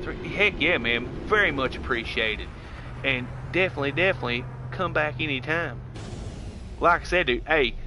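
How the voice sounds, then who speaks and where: A man with a Southern US twang, talking in a bright, fairly high voice. He chats laid-back and friendly, tossing in "dude" and "heck yeah" as he streams a game. His talk stays relaxed and conversational. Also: a little hiss or hum. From United States. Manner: laid-back and chatty, drawling "heck yeah" and "dude", reads chat aloud. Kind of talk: casual live-stream gaming chat.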